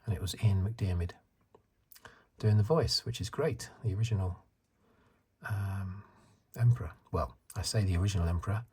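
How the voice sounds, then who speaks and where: A British man in his fifties, an ASMR channel host, chats softly in a low, mellow voice that's extremely smooth and resonant. Moving at a moderate pace, he rambles, corrects himself, and chuckles in a relaxed ASMR style.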